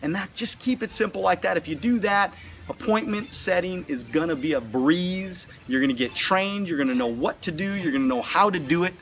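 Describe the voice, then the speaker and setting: A male sales trainer giving a motivational lesson, animated and often repeating words as he pushes his point. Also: high voice, a little fast, a little hiss or hum. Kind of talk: motivational teaching.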